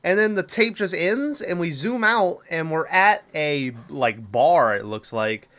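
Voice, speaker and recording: In a casual movie review recap, a man hosting a podcast walks through a film's plot in a slightly high, fairly bright voice, animated but measured in pace. He rambles loosely, swears plenty, and leans on fillers.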